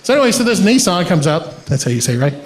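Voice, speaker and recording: Performing stand-up in an echoey comedy venue, a man from Iran talks quickly in a high voice, telling lively stories and chuckling through the punchlines. There's noise behind him.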